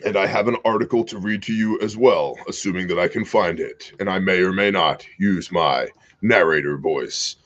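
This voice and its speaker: A man's voice: low voice, moderate pace, hardly any pauses, fairly bright tone, lo-fi sound. A man from Kansas hosting a casual livestream commentary show, mixing sarcastic asides with reading viewer comments. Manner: wry, sarcastic asides, reads chat comments aloud.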